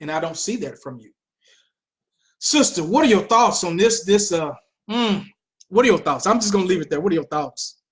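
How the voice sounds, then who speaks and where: American male host, opinionated commentary, sarcastic and exclaiming, very lively inflection. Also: sits high, normal speed.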